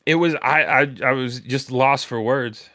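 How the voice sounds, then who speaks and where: A man on a casual podcast telling a workplace story in a lively, animated way, acting out the people he quotes. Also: mid-range voice, measured pace, dry recording, clean studio sound. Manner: animated storyteller who acts out quoted voices.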